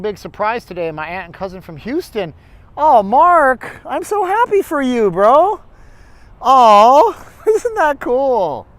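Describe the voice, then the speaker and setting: A man hosting a casual walking livestream outdoors, rambling and chatting with his viewers. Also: fairly high pitch. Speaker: livestream host. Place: outdoors on a city street, walking.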